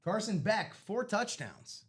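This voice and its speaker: A man co-hosting a live sports card break, running through scores in animated, casual banter. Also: sits high, takes it slowly, slightly rough.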